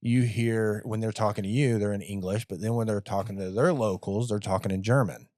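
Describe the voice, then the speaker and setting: A man's voice: on the low side, brisk, no echo, clean studio sound. A man who flies as an airline pilot, chatting casually and acting out radio calls. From United States. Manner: relaxed storytelling, acts out radio calls. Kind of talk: casual chat.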